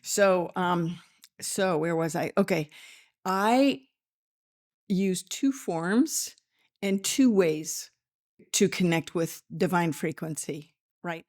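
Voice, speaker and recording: A woman's voice: fairly low pitch, slow pace, a little mellow. A woman hosting a spiritual podcast from a small office studio, chatty and emotional, laughing often and close to tears. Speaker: podcast host. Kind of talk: casual spiritual podcast talk.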